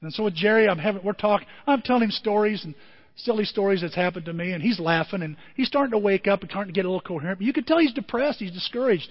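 A man's voice: high voice, fast talker, in a large hall, dull audio. A male pastor telling a story in a sermon, acting out the people in it. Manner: animated, acts out the people in his stories. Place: church hall.

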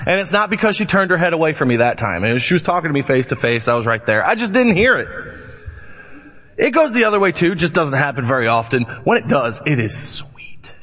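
A man preaching a sermon, reading scripture and telling lively anecdotes as he acts out voices in the stories. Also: on the high side, fast talker. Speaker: pastor. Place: church sanctuary. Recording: long church reverb, dull lo-fi sound.

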